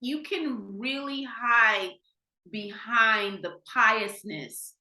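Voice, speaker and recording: A woman from Ohio talks as a podcast guest, her voice fairly high and bright with a forceful edge. She tells her story candidly and with animation, restarting sentences and playing out the dialogue. The recording has a noticeable roomy echo. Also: drawn-out words. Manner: animated, acts out quoted dialogue, frequent restarts.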